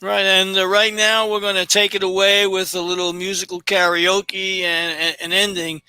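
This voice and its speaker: A man's voice: sits high, flat delivery, moderate pace, pushed and bright, clear, resonant tone, no echo. A man hosting a casual web show, chatting upbeat and wrapping up the episode. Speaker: host.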